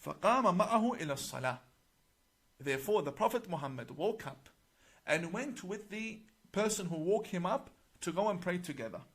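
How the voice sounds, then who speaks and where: A middle-aged man, an imam, explaining a religious book to camera in a deliberate, emphatic way, slowing on key words and reciting passages in Arabic. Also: high voice, animated, slightly rough.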